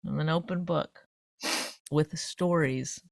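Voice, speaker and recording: A woman's voice: sits low, slow, gravelly, darkish tone, no room sound, studio quality. A middle-aged woman co-hosting a podcast in casual bickering chat, interrupting and teasing her partner. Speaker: podcast co-host.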